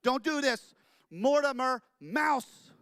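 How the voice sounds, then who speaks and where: A man playing an overexcited young male cartoonist who pitches his idea in a high, shouting, pleading voice. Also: expressive, normal speed, no echo, clean studio sound. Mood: frantic. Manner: shouting, breathless, over-the-top pleading.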